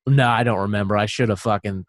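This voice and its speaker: A man's voice: fairly low pitch, steady tone, fast, no echo, studio quality. A man co-hosting a podcast, telling a rambling, profane story with lots of laughter. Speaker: podcast co-host. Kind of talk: casual podcast chat.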